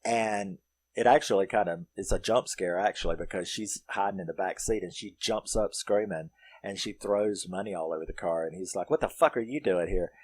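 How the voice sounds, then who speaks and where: A man's voice: low voice, normal speed, darkish tone. A man giving a casual spoken film recap, rambling and profane, full of filler words. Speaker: film reviewer.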